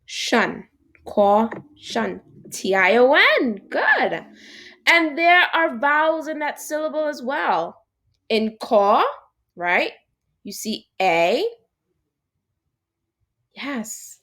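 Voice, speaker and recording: Woman teacher for a kids' phonics lesson, fairly high voice, unhurried and encouraging. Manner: slow, animated, encouraging, talks to an unseen class. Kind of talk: recorded phonics lesson for young children.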